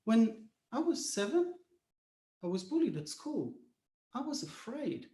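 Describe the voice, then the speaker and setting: A man giving a dramatic storytelling speech at a speech contest, expressive and theatrical with dramatic pauses, recorded in an echoey hall. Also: extremely high pitch.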